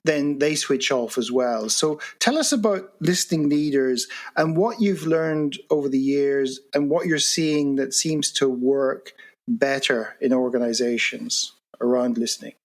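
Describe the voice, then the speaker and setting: A man hosting a podcast interview, speaking conversationally, often halting and searching for words. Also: mid-range voice.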